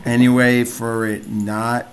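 Young guy muttering over a game, mid pitch, noisy mic w/ clicks. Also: flat delivery, slow. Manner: frustrated, self-mocking. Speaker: gamer. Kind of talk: gameplay commentary. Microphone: desk mic.

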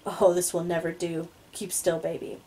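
A woman reading the part of an intense, possessive young man, speaking low and hushed. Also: flat delivery, normal speed, lightly acted, rough recording. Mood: softly commanding. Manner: low, hushed, controlled delivery.

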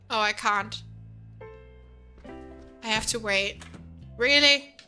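A woman's voice: on the high side, slow pace, pushed and bright, smooth, faint music behind. A woman hosting a game playthrough, chatting casually and laughing often as she plays. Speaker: gaming video host. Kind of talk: let's play commentary.

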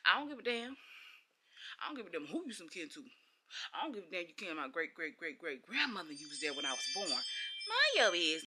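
A woman's voice: lowish voice, huge pitch swings, fairly quick, sharp tone, a little hiss or hum. A woman in her late thirties talking to her viewers in a casual vlog rant, blunt, exasperated and emphatic. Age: late 30s. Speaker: vlogger.

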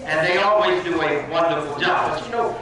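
A man's voice: fairly high pitch, a little fast, a crowd in the background. A man addressing a church congregation, leading call-and-response praise and thanking the choir. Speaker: minister. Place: church hall. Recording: echoey church hall from far off.

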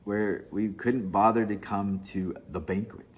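A young man with a fairly low voice leads a relaxed Bible study. He rambles, restarts his sentences and laughs often, checking in with listeners as he goes. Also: unhurried. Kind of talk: casual Bible study talk.

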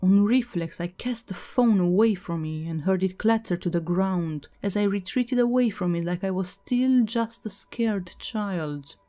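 A woman narrating a first-person horror story in a measured, even storytelling manner. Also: mid-range voice.

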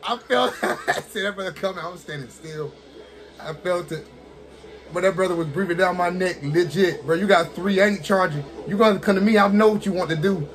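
Excitable high-voiced man commentating gameplay. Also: brisk. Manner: excitable, talks to the game characters, laughs often. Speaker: gaming streamer.

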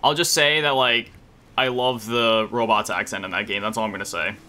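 A gaming YouTuber, tired early in the morning, gives rambling, jokey commentary as he plays, with sing-song asides. His voice is on the low side with fairly even intonation, brisk, and pushed and bright.

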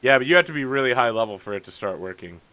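A man's voice: mid-range voice, expressive, rapid-fire, sharp tone. A man running a tabletop game as game master, chatting casually and animatedly and reading rules aloud on a voice call.

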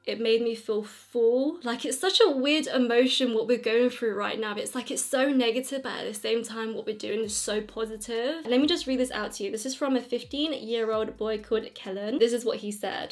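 A woman's voice: on the high side, moderate pace, hardly any pauses. A young woman talking through her makeup routine in a chatty vlog, stressing points by repeating herself. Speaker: beauty vlogger.

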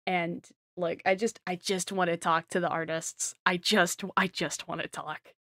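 A woman giving casual commentary on a video game, excitable and rambling, with giggles and self-deprecating asides. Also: on the low side, a little slow, no room sound, studio quality. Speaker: gaming streamer.

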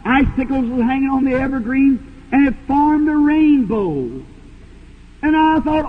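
A man preaching a sermon, telling a story with fervor and sometimes breaking into shouts. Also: very high-pitched, animated, measured pace. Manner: fervent, rises to shouts. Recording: tinny old tape in a hall.

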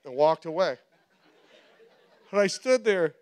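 A male pastor preaching a sermon, telling stories with animated quoted voices and frequent laughter. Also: high-pitched, normal speed, a faint crowd. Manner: animated storytelling, acts out quotes, laughs often. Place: church.

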